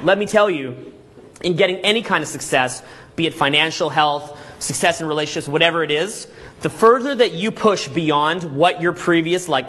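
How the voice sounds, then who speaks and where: A man giving a live seminar lecture to a room of people, energetic and full of rhetorical questions and "okay?" checks, acting out scenes as he tells them. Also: a little high. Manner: acts out scenes with vivid storytelling. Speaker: seminar speaker.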